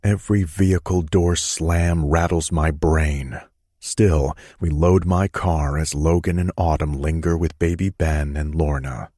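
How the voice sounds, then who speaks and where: A man narrating a romance audiobook in the first person, in a soothing, even manner. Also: extremely low pitch, measured pace, no room sound, studio quality.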